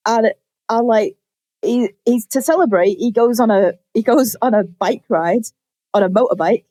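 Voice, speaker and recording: Animated woman telling a story. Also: a little high, no echo. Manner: animated storytelling, quick acted-out quotes, frequent swearing. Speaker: podcast co-host. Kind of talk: casual chat.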